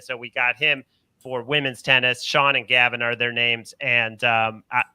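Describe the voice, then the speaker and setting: A man's voice: medium pitch, flat delivery, normal speed, pushed and bright, smooth, no echo. A man, a regular on a betting show, chatting casually and rambling as he interrupts himself. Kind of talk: casual chat.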